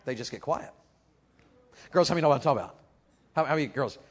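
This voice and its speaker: A man preaching a youth sermon, animated and calling out questions to the crowd, moving from quiet talk to shouting. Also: medium pitch, quick pace.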